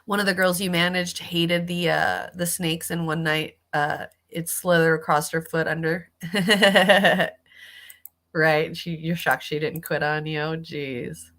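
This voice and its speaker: A woman's voice: low-pitched, steady tone, slow pace, fairly bright tone. A woman streamer reacting casually to videos, chatty and sympathetic, swearing freely.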